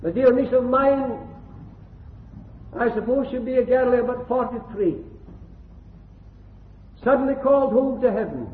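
An older man from Scotland delivers a fervent gospel hall sermon in a very high-pitched voice, building his points through rhythmic repetition. He sounds echoey and tinny, as if heard on an old phone-like recording made in a reverberant hall. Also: a little slow, long pauses. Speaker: preacher.

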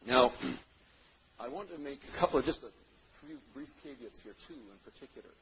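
A male preacher delivers a sermon, pushing hard on key words and then letting his sentences fall away softly. The sound is a little muffled, like an older low-fidelity recording. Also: moderate pace. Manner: emphatic, swings between loud stresses and quiet trailing phrases. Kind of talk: sermon with scripture reading. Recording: dull lo-fi sound.

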